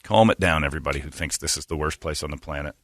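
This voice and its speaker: A man's voice: a bass voice, fairly bright tone, no echo, clean studio sound. A middle-aged man hosting a morning radio show, ranting and mocking in a brash way. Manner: brash, ranting, quick to mock, slips into put-on voices. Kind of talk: opinionated morning radio talk.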